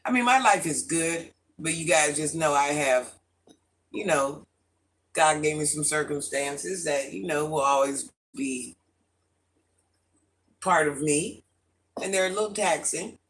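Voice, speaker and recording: A middle-aged man hosts a casual livestream with a slightly high voice. He greets viewers by name, answers the chat and talks freely in an animated, chatty way. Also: measured pace, pauses often. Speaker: livestream host.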